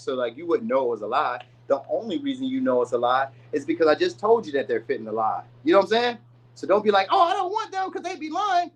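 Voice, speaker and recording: A man's voice: a little high, fairly bright tone, rough recording. A man giving a casual, rambling tarot reading. He uses slang and often says "you know what I mean.". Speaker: tarot reader.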